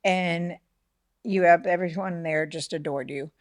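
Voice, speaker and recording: A middle-aged woman telling a family story in casual podcast chat, animated, acting out the voices of the people in it and often asking "right?". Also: lowish voice, unhurried, no room sound, studio quality. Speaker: podcast co-host, mother of the host.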